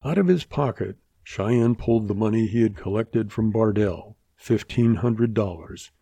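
Man narrator, western story reading, gravelly, dark tone, slow, dry close mic. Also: lowish voice, dry recording. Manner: measured, deliberate storytelling.

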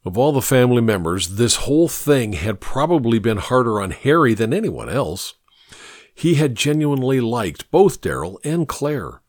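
A man reading a story aloud in a measured storytelling manner. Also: medium pitch, sing-song, no echo, studio quality. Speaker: narrator. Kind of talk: audiobook narration.

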